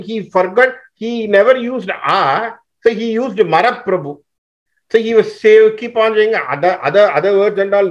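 A man teaching scripture through a story, animated and often restarting his sentences. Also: high voice, highs cut off. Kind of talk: storytelling explanation.

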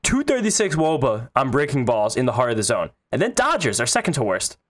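A man in casual sports-podcast chat, joking and swearing easily as he reels off numbers. His voice sits at an ordinary middle pitch. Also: huge pitch swings, fairly quick. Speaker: podcast co-host.

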